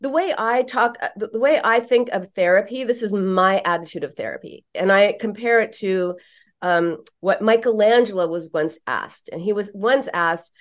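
A woman psychotherapist telling a story in a podcast interview, animated, emphatic and frank. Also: mid-range voice, normal speed.

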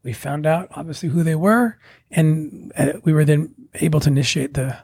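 A man with a slightly high, husky voice tells his story in a loose, conversational way. He acts out the other people's lines as he goes. The sound is close and dry. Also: normal speed, dry recording. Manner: animated, acts out quoted voices. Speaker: guest telling his story. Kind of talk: casual storytelling.

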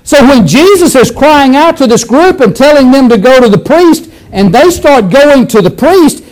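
Male preacher, conversational sermon, very high and lively voice, restarts often. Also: normal speed, rough recording. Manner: animated, conversational, acts out scenes, frequent restarts.

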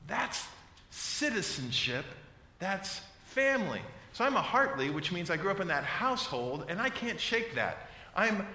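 A man's voice: sits high, very animated, a little slow, sharp tone. A pastor from the United States preaching a sermon and reading scripture aloud, with playful mock voices for his examples. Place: church sanctuary. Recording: echoey hall, long reverb.

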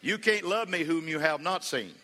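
A man preaching with a bright, ringing voice in a church hall with a long reverb tail. He builds to fervent peaks, calls on the congregation to repeat after him, and mixes in folksy humor and stories. His voice sits a little high for a man. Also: expressive, moderate pace. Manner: preaching with rising fervor, calls for congregation responses. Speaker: pastor. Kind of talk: sermon.

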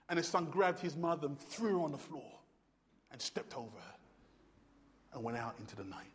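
A man preaching a sermon, swinging from hushed to loud and repeating words as he presses his point. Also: high-pitched, expressive, a little fast, long pauses. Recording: long hall reverb.

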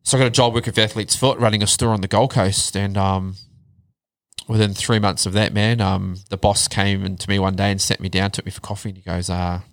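Thirties New man, low-pitched and candid, swears casually, dry close mic. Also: fairly even intonation, brisk, no room sound. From New Zealand. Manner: candid storytelling, swears freely, drops to a low murmur on hard parts. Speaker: guest. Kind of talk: casual chat.

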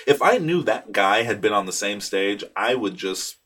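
A young man with a lowish voice chats on his own podcast, wandering through his thoughts with plenty of "um"s and restarts. He swears freely and pokes fun at himself. He speaks close to a small booth mic. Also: expressive, moderate pace, fairly bright tone, slightly rough. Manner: rambling, profane, self-deprecating, many fillers and restarts. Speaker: podcast host. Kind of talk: casual solo podcast chat. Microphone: studio microphone in a small booth.

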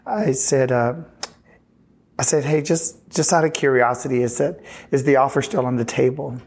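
A man's voice: medium pitch, darkish tone. Earnest man telling his testimony. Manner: earnest, halting, with frequent restarts and retold dialogue. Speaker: pastor. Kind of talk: personal testimony storytelling.

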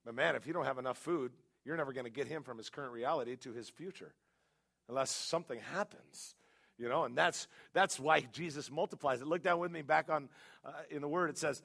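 A middle-aged man, a guest pastor, preaching a sermon in a church with animated, humorous storytelling. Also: mid-range voice, a little fast, vocal fry. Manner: animated storytelling with humor, rising to loud emphasis. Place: church sanctuary.

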